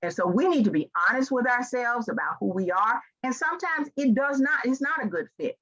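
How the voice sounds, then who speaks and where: A woman's voice: a little high, a little fast, muffled recording. A woman in her sixties with a Southern American accent, giving an earnest, emphatic motivational talk as a keynote speaker. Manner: earnest and emphatic, with rising animated stretches.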